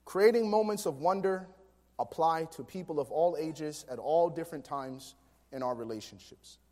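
A man preaching a sermon, telling family stories in an animated way that swings from soft to emphatic. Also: fairly high pitch, normal speed. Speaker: pastor. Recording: long hall reverb.

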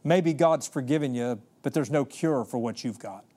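A man's voice: medium pitch, moderate pace, warm tone, close to an everyday voice. A man preaching who voices a desperate male leper pleading earnestly for help.

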